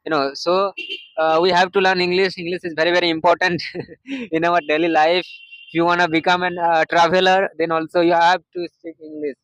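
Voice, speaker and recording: A man vlogging outdoors on a street, explaining English phrases in a halting way, full of "you know" and "uh". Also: sits high, flat delivery, fairly bright tone, dry recording, rough recording. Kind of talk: casual street vlog teaching English. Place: outdoors on a street near a market.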